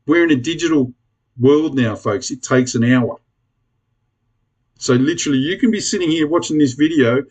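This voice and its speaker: Aussie bloke ranting on his vlog, kinda high voice, blunt and sweary, keeps begging people. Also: normal speed, long pauses, a little mellow. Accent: Australian. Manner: blunt, swearing, pleading and rambling. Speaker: prepper vlogger. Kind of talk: casual rant to camera.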